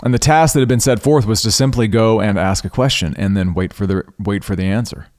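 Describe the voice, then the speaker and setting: A man hosting a podcast, earnestly recounting a personal spiritual experience in an unhurried way, pausing and restarting mid-thought. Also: on the low side, a little mellow. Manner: spiritual, devout tone. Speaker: podcast host. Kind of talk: reflective personal storytelling.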